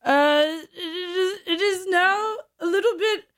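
A high-pitched woman hosts her show in a loose comic monologue. She rambles, mocks herself and keeps breaking into laughter, taking her time over every thought. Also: slow pace, fairly bright tone. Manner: rambling, self-mocking, laughing through lines. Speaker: show host. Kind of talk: comedic monologue.

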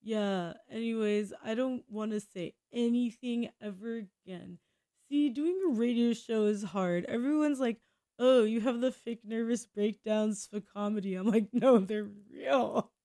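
A young woman hosts a radio show in a rambling, self-mocking monologue, drifting off mid-thought and chuckling at herself. Her voice sits a little high, and she takes her time, drawing out words at a slow, meandering pace. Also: mellow. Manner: self-deprecating, scattered, laughing and trailing off.

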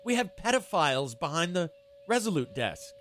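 A man's voice: on the high side, big pitch swings, moderate pace, fairly bright tone, soft background music. A man hosting a radio show, ranting sarcastically and heatedly, swearing freely. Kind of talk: casual ranting monologue. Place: San Francisco.

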